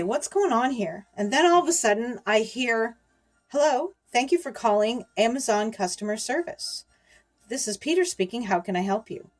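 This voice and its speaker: A middle-aged woman with a slightly high voice chatting to camera as a YouTuber. She rambles, circles back on herself and laughs between words while telling a story. Her talk is casual and loose. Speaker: YouTuber warning viewers about scammers.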